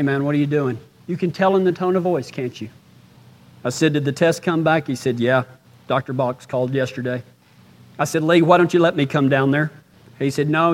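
A man preaches from a stage, telling a story in a folksy drawl. His voice sits fairly high and sinks to a near hush in the tender parts. The sound rings with the long reverb of a large hall. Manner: folksy drawl, drops to a hush at sad moments. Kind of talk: storytelling sermon. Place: stage before a live audience.

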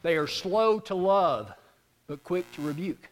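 A man's voice: high-pitched, expressive, unhurried, in a large hall. A man preaching a sermon, animatedly acting out both sides of an argument as he tells the story.

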